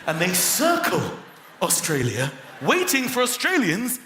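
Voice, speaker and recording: A man doing a stand-up comedy routine, animated, slipping into other voices and shouting punchlines. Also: high-pitched, measured pace, slight background noise. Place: large venue with a live audience. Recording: echoey live hall with loud crowd laughter.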